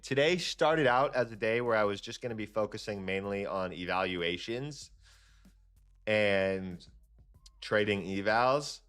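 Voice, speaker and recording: A young man hosting a live trading stream, chatting casually and ranting in a slangy, profane, animated way. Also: unhurried. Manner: animated, slangy and profane, with lively jumps in pitch. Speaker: livestream trading host. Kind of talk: casual livestream chat and rant.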